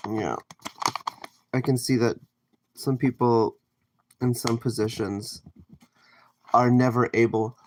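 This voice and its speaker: A man from Canada cooks in his home kitchen on a live stream, casually chatting, reading comments aloud and rambling as he answers. His voice is medium-pitched, and the background is noisy.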